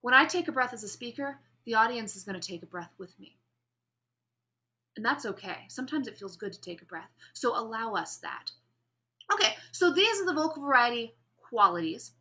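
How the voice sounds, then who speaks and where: Bright-voiced woman lecturing a class. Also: fairly high pitch, big pitch swings. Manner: explanatory, demonstrates pace and pauses while speaking. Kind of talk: classroom lecture on public speaking.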